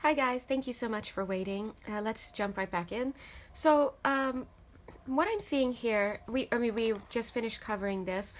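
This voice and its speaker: A tarot reader gives a casual reading straight to her viewers, calling them "guys," chatting freely and laughing often. She speaks at a normal speed in a slightly high voice.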